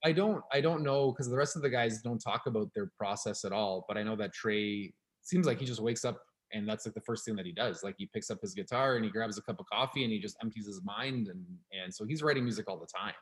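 A man's voice: lowish voice, fast talker, few pauses. A man co-hosting a podcast, talking casually in rambling sentences with frequent restarts. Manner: rambling, restarts often, laughs while reading. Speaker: podcast co-host. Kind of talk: casual chat.

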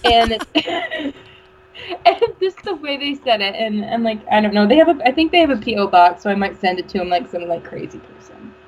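A woman co-hosting a casual podcast chat, trading quick banter and laughing often. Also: a little high, animated, poor audio.

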